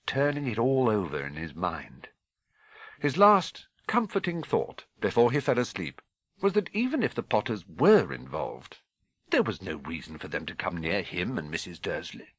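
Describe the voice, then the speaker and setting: A British man narrating an audiobook with expressive, measured storytelling. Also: sits low, husky, no echo. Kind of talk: scripted narration.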